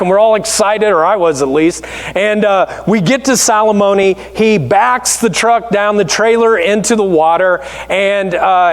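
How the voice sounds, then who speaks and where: A male pastor delivers a sermon with a strikingly high voice, telling stories in a lively, conversational way. His words ring out through a big, echoing church hall. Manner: storytelling, conversational and animated. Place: church sanctuary.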